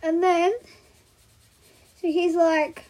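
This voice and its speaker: A high-voiced woman chatting casually, rambling and animated, peppering her talk with "like." She stops now and then to comment on what she is drawing. The delivery is loose and spontaneous. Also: extremely slow. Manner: drawing while talking. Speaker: host. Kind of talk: casual chat retelling film scenes.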